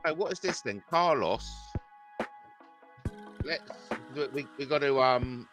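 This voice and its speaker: A man's voice: medium pitch, expressive, slow, over music. A man hosting a livestream, rambling casually and chuckling while he comments on clips. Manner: rambling, chuckling, mimics clips in mocking voices. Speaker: livestream host.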